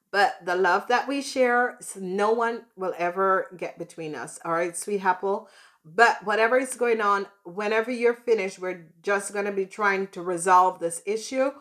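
A chatty woman gives a loose, casual tarot reading, playful and rambling. She calls her viewers by pet names and keeps her pitch in an ordinary middle range. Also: fairly bright tone. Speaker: tarot reader.

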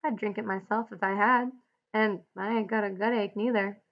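A woman reading the part of a calm, measured male mule driver, on a dull lo-fi recording. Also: mid-range voice, natural voice.

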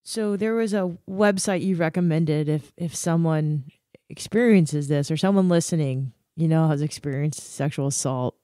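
A woman's voice: sits low, moderate pace, mellow, dry recording, studio quality. A woman hosting a podcast interview, asking encouraging questions. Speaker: podcast host. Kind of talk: interview conversation.

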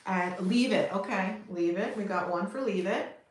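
A woman's voice: medium pitch, moderate pace. A middle-aged woman from Canada, chatting casually and upbeat on a livestream, laughing often and talking to her viewers. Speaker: potter streaming live. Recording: echoey room with faint noise.

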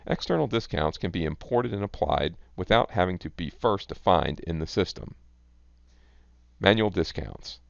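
A man giving scripted narration for a software product demo, measured and even. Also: low-pitched, vocal fry, no echo. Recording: dull, lo-fi dry voice-over.

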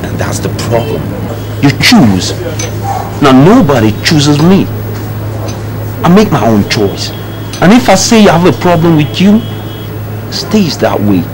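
Arrogant young man, condescending and lecturing, lively pitch, noisy soundtrack. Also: unhurried, long pauses. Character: young man dismissing his fiancée, cold and arrogant. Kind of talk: film drama acting.

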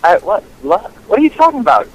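Young guy on the phone, high voice that jumps all over, confused and rambling. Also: wildly swooping pitch, quick pace, breathy edge, low-quality recording. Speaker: prank call recipient. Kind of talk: phone call.

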